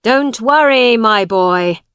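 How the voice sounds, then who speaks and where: A woman voicing a kind, protective man friend in a storybook reading, calm and reassuring. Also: on the high side, takes it slowly, smooth, no room sound, clean studio sound.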